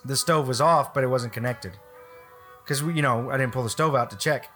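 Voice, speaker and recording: A man's voice: mid-range voice, a little fast, fairly bright tone, faint music behind. A man casually telling a rambling work story on a podcast, swearing freely and restarting his sentences.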